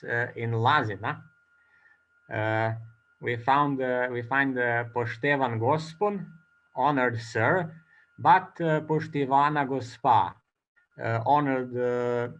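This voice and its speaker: A man giving an academic conference talk, pausing often with fillers between phrases. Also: mid-range voice, a bit bright. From Croatia. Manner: slow, hesitant, many uh fillers between phrases. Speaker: conference speaker, linguist. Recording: dull lo-fi recording.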